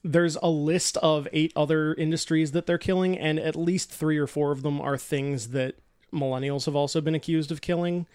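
Man, sarcastic, swears a lot, casual podcast talk, slightly high voice, dry sound. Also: fairly even intonation, normal speed, few pauses, a little mellow, smooth, dry recording. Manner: sarcastic, profane, laughing often. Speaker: podcast co-host. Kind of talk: casual chat.

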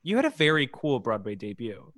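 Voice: medium pitch, very animated, brisk, fairly bright tone, no echo, studio quality. An interview host chatting casually with a guest, playful and gushing.

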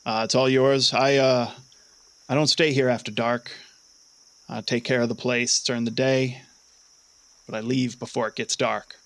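A gaunt old caretaker with a thick French Canadian accent, spare with words and a little ominous, as a game master puts him on. His speech is measured and quiet, the voice of a man in his later years who keeps to himself. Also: mid-range voice, little pitch movement, natural voice. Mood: matter-of-fact. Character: tall gaunt old male caretaker, taciturn.

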